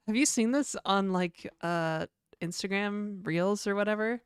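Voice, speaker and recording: A woman streams her game development, chatting loosely with viewers, rambling between reactions, reacting to chat and swearing casually. Her mid-range voice is slow and smooth. The sound is dry and studio quality.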